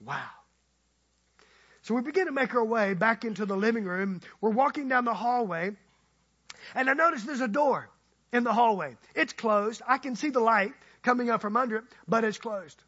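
A male guest preacher telling a story in an animated, conversational way and joking with the congregation. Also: very high-pitched, a little fast, muffled recording. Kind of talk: storytelling sermon.

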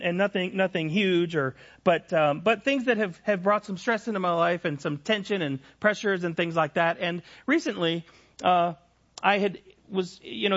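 A man's voice: sits high, fairly bright tone, lo-fi sound. A middle-aged man preaching a sermon, telling personal stories candidly with frequent restarts and repeated phrases. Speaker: pastor.

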